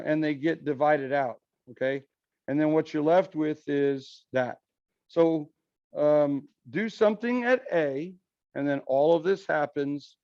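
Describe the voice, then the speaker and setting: A man's voice: fairly high pitch, no room sound. Man teaching a class, lo-fi and dry. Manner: explains step by step, checks in with "okay?" and "right?". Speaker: math teacher. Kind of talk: classroom lecture. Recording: dull lo-fi, dry sound.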